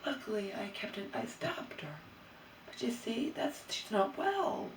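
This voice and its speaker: A woman's voice: mid-range voice, sing-song, a little slow, recorded from a distance, a little hiss or hum. Woman venting in a bare echoey room. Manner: rambling, exasperated venting with restarts. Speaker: vlogger. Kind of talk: emotional monologue to camera. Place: empty new bedroom, indoors. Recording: roomy echo, voice away from the mic.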